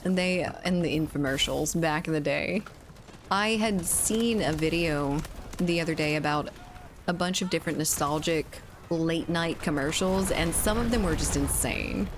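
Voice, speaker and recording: A woman's voice: sits low, normal speed, slight background noise. A young woman streamer chatting casually and profanely during a gaming livestream, reading chat aloud.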